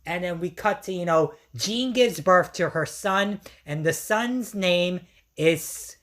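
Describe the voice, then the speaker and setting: A woman reviewer gushes through a casual episode recap, full of fillers and slang. Her voice sits fairly low and sounds strained from yelling. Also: slow. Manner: excitable, many fillers and slang.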